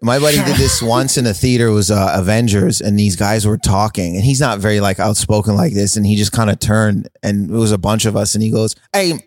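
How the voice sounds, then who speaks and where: A man's voice: fairly low pitch, fairly even intonation, a little fast, hardly any pauses, darkish tone. A young man co-hosting a podcast, rambling through funny stories and acting out what people said. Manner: rambling, acts out quoted lines. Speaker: podcast co-host. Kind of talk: casual storytelling chat.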